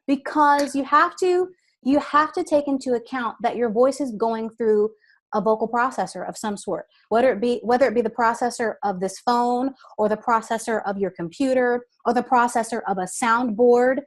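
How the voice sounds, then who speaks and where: A woman's voice: a little high, moderate pace. Patient woman voice coach. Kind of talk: instructive interview talk.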